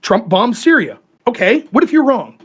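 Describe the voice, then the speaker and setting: In a laid-back podcast conversation, this man debates politics with real heat and constant cursing. He speaks at a steady, moderate clip in a husky voice, his pitch ranging widely and spiking whenever he argues back, animated and combative throughout.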